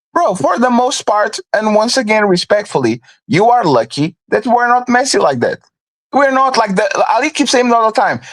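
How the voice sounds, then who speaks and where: A man's voice: high voice, sing-song, moderate pace, fairly bright tone. A man co-hosting a live stream, arguing emphatically and checking in with "right?" as he goes. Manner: emphatic, keeps asking "right?". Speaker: stream co-host. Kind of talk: heated live-stream talk.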